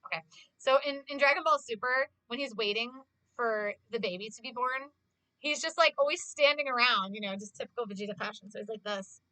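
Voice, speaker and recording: Young woman rambling to her stream, tons of "like", crisp bright voice. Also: a little high, no echo. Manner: gushing, fast, filled with "like". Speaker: livestreamer. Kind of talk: casual chat to stream viewers.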